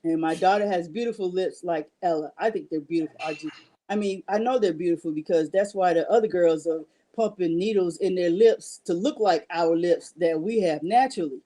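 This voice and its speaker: A woman's voice: lowish voice, fairly quick, warm tone. A middle-aged woman casually presenting and pricing her artwork on a livestream, chatty and rambling. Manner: chatty and rambling, with frequent restarts. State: out of breath. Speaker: artist selling her work on a livestream. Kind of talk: casual livestream sales talk.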